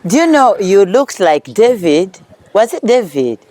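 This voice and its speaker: Ugandan accent tv host, mellow warm voice, cheers the guest on, lots of amens. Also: mid-range voice, very animated, unhurried. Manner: encouraging, echoes the guest with amens and wows. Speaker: TV talk show host. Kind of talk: casual interview chat.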